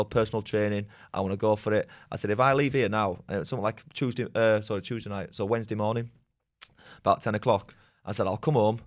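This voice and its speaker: A man, telling rambling, sweary stories as a podcast guest. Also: fairly low pitch. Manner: fast, rambling, swears often, laughs. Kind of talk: casual storytelling chat.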